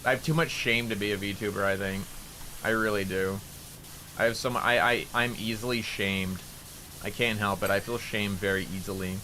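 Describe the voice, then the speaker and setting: A VTuber streamer chats casually while gaming, speaking at a moderate pace in a bright, forward voice. He swears freely and keeps bursting into excitable, high-pitched outbursts, with a faint hiss beneath his talk.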